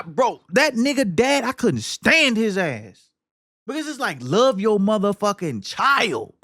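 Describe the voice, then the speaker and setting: A man hosting a podcast, talking casually and emphatically about a film, cursing freely and swinging between loud outbursts and low muttering. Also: vocal fry, no room sound, studio quality. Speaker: podcast host.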